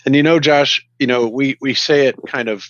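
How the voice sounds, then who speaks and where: A man's voice: medium pitch, steady tone, moderate pace, fairly bright tone, no echo, highs cut off. A man co-hosting a podcast, rambling with hesitations and restarts. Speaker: podcast co-host. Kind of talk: casual chat.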